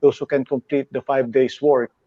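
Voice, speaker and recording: A man's voice: medium pitch, level tone, moderate pace, mellow, no room sound, lo-fi sound. A man with a Filipino accent, a company head being interviewed, explaining his business earnestly and mixing English with Tagalog. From Philippines. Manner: earnest, explains at length with fillers and laughs easily. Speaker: company president and CEO, interview guest.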